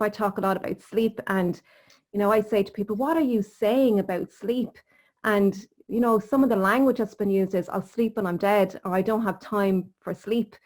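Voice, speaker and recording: Woman host, mid-pitched, motivational, casual interview talk. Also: a little mellow. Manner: earnest, encouraging, motivational. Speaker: podcast host, sleep coach.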